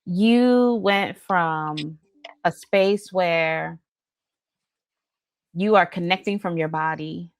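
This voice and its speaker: A woman hosting a faith podcast, reflecting slowly and affirming her guest. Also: on the low side, no echo, studio quality. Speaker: podcast host.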